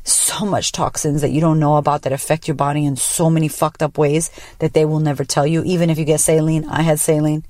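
A woman hosting a podcast, telling a personal story in a blunt, profane, animated way. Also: low voice, brisk, few pauses, dry recording, clean studio sound. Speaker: podcast host. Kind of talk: casual personal monologue.

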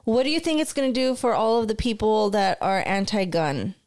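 A woman's voice: mid-range voice, a little fast, darkish tone. A woman in casual podcast chat, inquisitive and wry.

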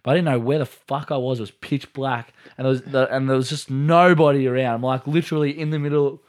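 A young man with an Australian accent tells a story in loose, rambling chat. His speech is packed with fillers and casual swearing, and he sits at an ordinary middle pitch for a man. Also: steady tone, fast talker. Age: young adult. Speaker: podcast co-host.

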